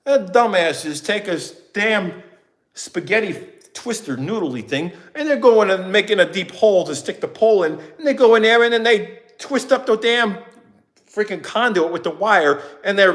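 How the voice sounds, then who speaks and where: Man, high voice, middle-aged, casual vlog rant, rambling and animated. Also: normal speed. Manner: animated, rambling, acts out quotes. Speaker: vlogger. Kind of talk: casual ranting storytime.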